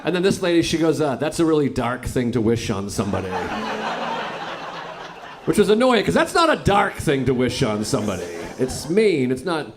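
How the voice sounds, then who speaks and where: A stand-up comedian man works through his story in a wry, deadpan-leaning way, his voice sitting a touch high. The audio carries clear background noise from a live club. Laughter cuts in between lines. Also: normal speed. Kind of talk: stand-up set played as a clip.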